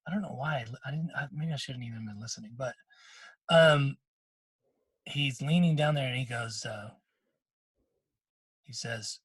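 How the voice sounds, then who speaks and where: A middle-aged man talks on a podcast with a husky, slightly breathy voice at an ordinary pitch. He tells a heartfelt story in loose, restarting sentences and slips briefly into other people's words. The sound is close and dry, with no room around it. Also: normal speed, long pauses, fairly bright tone, no echo. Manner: emotional storytelling with many restarts; quotes others in short bursts. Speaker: podcast co-host. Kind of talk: casual podcast chat.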